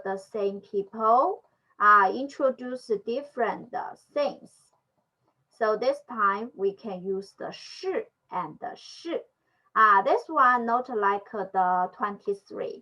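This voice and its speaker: Slow, hesitant woman teaching a language lesson. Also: mid-range voice, fairly bright tone. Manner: hesitant, many fillers, patient explaining. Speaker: Chinese teacher. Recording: muffled lo-fi audio.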